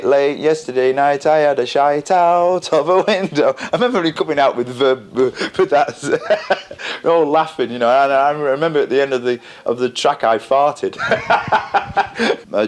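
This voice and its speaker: An older man reminiscing casually in an interview, halting and repeating words, often chuckling. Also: mid-range voice. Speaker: interviewee, band member.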